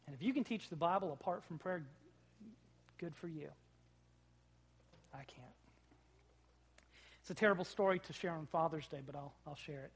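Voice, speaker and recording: A man in his thirties preaching a sermon, telling a family story with big swings from hushed to loud. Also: fairly high pitch, moderate pace, long pauses, slightly rough. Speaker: pastor.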